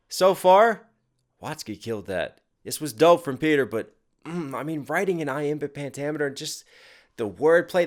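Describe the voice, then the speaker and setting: A man reacting to a rap video, enthusiastically analyzing the lyrics with casual swearing. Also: fairly high pitch. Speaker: rapper reacting to music videos.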